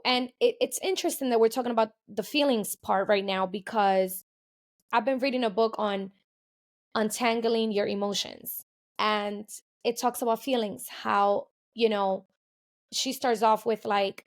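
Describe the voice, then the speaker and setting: Woman host, casual interview, a bit high-pitched, conversational and affirming. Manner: conversational, leading with questions and affirmations. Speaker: podcast host.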